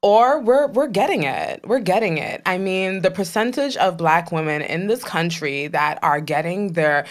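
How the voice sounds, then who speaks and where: Young woman, Trinidad-raised, podcast co-host; animated, laughing, big pitch swings. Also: normal speed, few pauses. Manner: animated, laughs often, playful asides. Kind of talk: casual chat.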